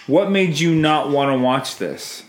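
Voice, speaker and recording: A man hosting a casual family podcast at home, gently coaxing his kids with questions and often restarting his sentences. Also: fairly high pitch, unhurried. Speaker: podcast host interviewing his children. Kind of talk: casual family chat about a movie. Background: faint cleaning noise.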